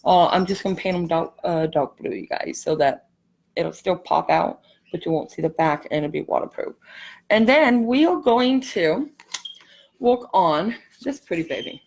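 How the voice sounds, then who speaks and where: Gravelly-voiced woman hosting a craft stream. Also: on the low side, moderate pace. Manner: chatty, rambling, apologetic asides. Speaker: craft channel host. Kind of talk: casual live craft tutorial.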